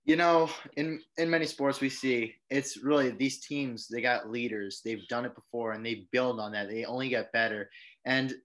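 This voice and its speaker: A man's voice: medium pitch, normal speed, a bit bright. Male sports podcast co-host making his case. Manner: lays out his argument point by point. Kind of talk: casual sports talk.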